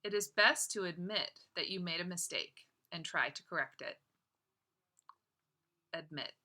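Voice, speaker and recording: Woman teacher reading spelling words aloud, slow and deliberate, bright, edgy tone. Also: on the low side. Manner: slow, deliberate word-by-word dictation; affectionate toward students. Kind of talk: dictating a spelling test.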